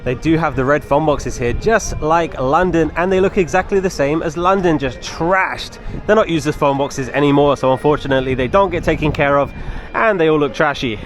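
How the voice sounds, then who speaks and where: A man's voice: on the high side, a little fast, soft background music. A man filming a walking travel vlog outdoors on city streets, chatty and enthusiastic, often exclaiming at what he sees. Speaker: travel vlogger.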